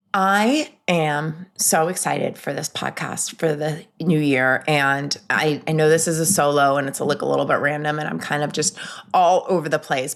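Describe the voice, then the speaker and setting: A middle-aged woman talks on her own podcast in a lowish voice. She sounds upbeat and chatty, and she often restarts her sentences and drifts into asides. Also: a bit bright. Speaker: podcast host. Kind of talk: solo podcast chat.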